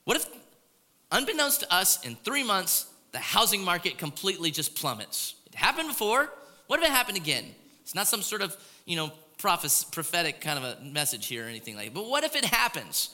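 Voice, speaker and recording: A man's voice: high voice, very animated, fairly quick, pushed and bright. A man preaching a conversational sermon as a pastor, often asking his congregation "right?". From Florida. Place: large church hall. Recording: long hall reverb.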